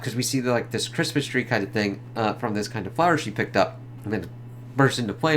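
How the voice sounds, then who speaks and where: A man's voice: medium pitch, brisk, pushed and bright, slight background noise. A man giving a casual, rambling film review, swearing freely and leaning on filler words.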